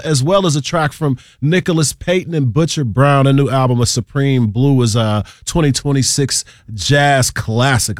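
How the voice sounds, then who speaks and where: A man hosting a radio music show, talking in a relaxed, slangy way with frequent ums between tracks. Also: fairly high pitch, dry recording, clean studio sound. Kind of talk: laid-back radio DJ patter. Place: radio studio. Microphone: studio microphone.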